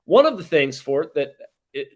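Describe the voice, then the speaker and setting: A man's voice: on the high side, normal speed. Chatty man co-hosting a podcast. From Pittsburgh. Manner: animated, rambling with restarts. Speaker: podcast co-host, baseball journalist. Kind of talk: casual podcast chat.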